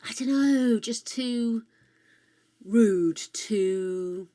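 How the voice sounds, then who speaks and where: A woman's voice: a little high, extremely slow, dark tone. Older British woman streamer, casual and frank, swears freely, chats while gaming. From United Kingdom. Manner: chatty, frank and swearing freely, with playful asides to chat.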